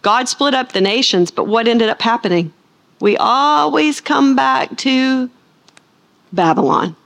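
Fairly high-voiced woman teaching a sermon. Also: animated, vocal fry, a bit bright. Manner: asks the room questions and answers them; slows and stresses key words. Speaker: Bible teacher.

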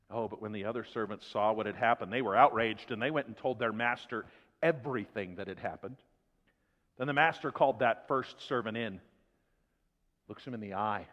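A man preaching a sermon to his church, swinging between loud emphasis and hushed asides. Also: mid-range voice. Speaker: pastor. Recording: long hall reverb, dull lo-fi sound.

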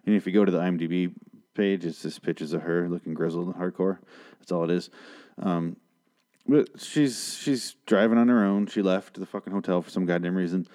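Profane, sarcastic man with a lowish voice. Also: fairly quick, warm tone. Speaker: host of a TV review show. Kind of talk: casual episode review.

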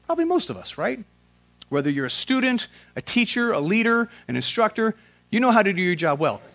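Slightly high-voiced man preaching with passion. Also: sing-song, brisk. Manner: dramatic, swings from loud emphatic questions to quiet earnest prayer; casual, slangy preaching. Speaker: pastor. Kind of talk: sermon.

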